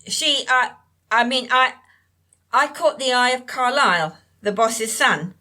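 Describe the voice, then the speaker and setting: A woman voicing a frail, evasive older woman in an audiobook, with a nasal voice and a halting, drifting way of talking, as if to herself. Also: on the high side, expressive, pushed and bright, pitched above the performer's own voice. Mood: defensive. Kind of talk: audiobook character reading.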